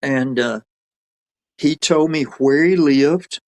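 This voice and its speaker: A man's voice: mid-range voice, takes it slowly, darkish tone. A man telling a story in a rambling, folksy way, quoting people as he goes. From Alabama. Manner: folksy, rambling, quotes others in his own voice. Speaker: podcast guest telling a story. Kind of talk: casual storytelling.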